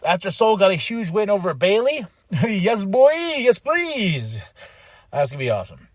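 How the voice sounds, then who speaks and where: A man hosts a podcast and recaps wrestling in a casual, chatty way, full of fillers and restarts. He acts out what wrestlers said in big, exaggerated voices. His voice sits a bit high, and the sound is dry and close to the mic. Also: big pitch swings, unhurried, no echo. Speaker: podcast host.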